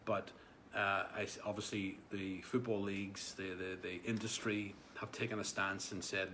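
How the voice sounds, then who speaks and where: Low-voiced rambling male live vlogger. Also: little pitch movement, moderate pace, sharp tone, a little hiss or hum. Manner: rambling, chatty, many restarts and asides to viewers. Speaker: live vlogger answering viewer comments. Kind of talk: casual live-stream chat.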